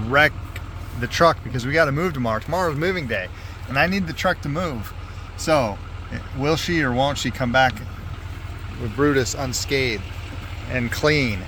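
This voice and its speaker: A man's voice: medium pitch, unhurried, pauses often, pushed and bright, a little hiss or hum. A middle-aged father narrating a family vlog in a casual, joking way.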